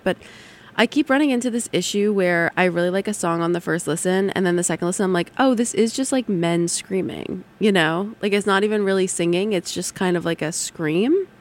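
A young adult woman hosting a college radio show, chatting casually between songs in a rambling way, full of "like" and "um". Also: medium pitch. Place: radio studio.

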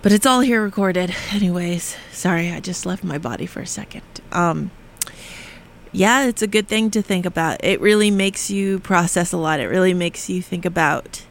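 A speaker in a radio studio giving a heartfelt, reflective monologue, halting with frequent restarts and sometimes dropping into a near whisper. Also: mid-range voice, a little hiss or hum. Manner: earnest and heartfelt, drifting at times into a near whisper. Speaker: radio show speaker on grief and spirit communication.

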